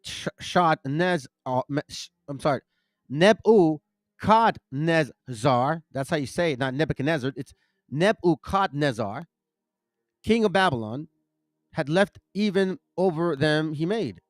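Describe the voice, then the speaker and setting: A man's voice: on the high side, expressive, normal speed, no echo, studio quality. A man hosting a casual bible teaching talk, reading verses aloud, rambling and stumbling over names as he corrects himself. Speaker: bible teaching channel host.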